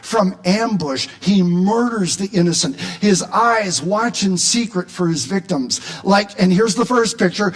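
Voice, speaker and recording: A man preaching a sermon as pastor, animated and emphatic, at times raising his voice to a shout. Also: high-pitched, unhurried, hardly any pauses.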